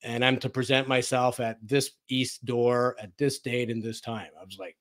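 A man's voice: medium pitch, little pitch movement, moderate pace, hardly any pauses, a bit bright. A man as a guest on a radio interview, telling personal stories in a casual, anecdotal way and acting out quoted conversations. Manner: anecdotal, acts out quoted dialogue, frequent fillers.

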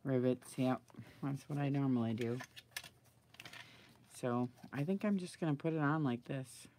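A woman's voice: rumbling low, unhurried, dark tone, slight background noise. A middle-aged woman chatting and thinking aloud while she works on a craft project, asking her viewers for advice as she goes. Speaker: craft video maker. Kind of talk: chatty live crafting video.

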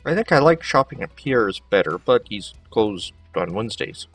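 A man's voice: on the low side, big pitch swings, moderate pace, fairly bright tone, distant mic, soft background music. A man giving casual gameplay commentary, chatting to the characters as he plays. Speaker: let's play host.

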